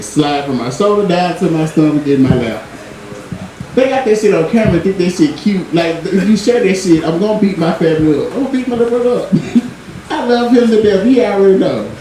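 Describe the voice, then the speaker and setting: Animated high-voiced man doing stand-up. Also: slight background noise. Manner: profane, animated storytelling with frequent laughs. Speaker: stand-up comedian. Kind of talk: stand-up comedy set. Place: live comedy venue with audience. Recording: echoey live room, distant mic, loud crowd. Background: audience laughter.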